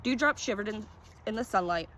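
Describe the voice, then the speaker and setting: Woman calmly reading a story aloud. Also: mid-range voice, fairly quick, slight background noise. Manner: calm, descriptive reading. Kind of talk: first-person story narration.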